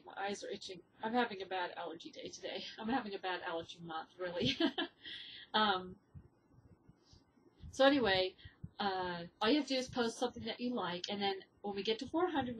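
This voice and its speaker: A woman's voice: medium pitch, low-quality recording. A woman podcaster in casual chat, with a mid-range voice. She talks in a chatty way with many ums and uhs, and sounds teary and grieving. Faint noise sits behind her. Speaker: podcast host.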